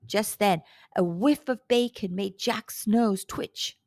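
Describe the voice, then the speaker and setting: A woman storyteller reading a children's storybook aloud with a slow, expressive delivery. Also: mid-range voice, no room sound, studio quality.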